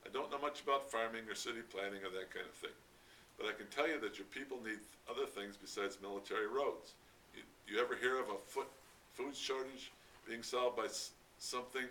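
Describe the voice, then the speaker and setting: A man voicing a gruff older American construction engineer who speaks bluntly and swears impatiently, read from a distance with faint noise. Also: medium pitch, a little fast, sharp tone, pitched above the performer's own voice, close to an everyday voice.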